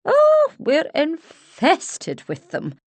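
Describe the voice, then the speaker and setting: Woman voicing Scottish woman doctor, Edinburgh accent, blunt, pointed, slow, lively pitch. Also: dry recording, full character voice. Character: brusque middle-aged Scottish woman doctor.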